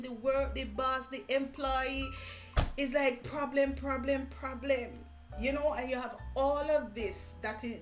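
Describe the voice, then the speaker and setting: A middle-aged Jamaican woman hosting a motivational live stream, talking in an animated way, repeating phrases and laughing often. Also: high voice. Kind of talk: casual interview chat. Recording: echoey room with faint music.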